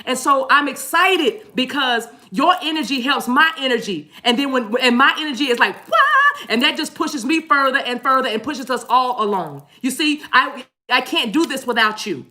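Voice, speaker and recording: A woman's voice: sits high, moderate pace, few pauses. A woman giving a spiritual tarot talk to her viewers in a preacher-like way, playful and repeating phrases for emphasis. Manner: animated, preacher-like delivery.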